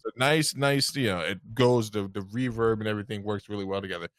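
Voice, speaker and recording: A man's voice: lowish voice, fast, no room sound. A man co-hosting a podcast in casual chat, rambling and laughing often while speaking into a headset. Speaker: podcast co-host.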